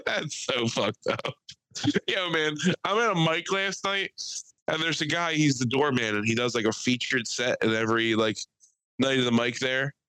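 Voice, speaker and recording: A young man co-hosting a podcast in casual chat, an animated, rambling storyteller who swears freely. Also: medium pitch, moderate pace, clear, resonant tone, no room sound, low-quality recording. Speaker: podcast co-host.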